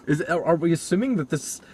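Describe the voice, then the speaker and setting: Lively crude-joking man reviewing a film. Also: on the high side, moderate pace, husky. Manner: crude joking, breaks into silly voices. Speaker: co-host film critic. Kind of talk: casual film review chat.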